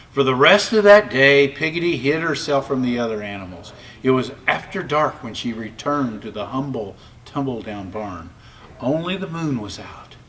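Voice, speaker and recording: Lively male storybook reader, slightly raised pitch, a little distant from the mic. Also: normal speed. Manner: expressive, varied storytelling. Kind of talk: children's read-aloud narration.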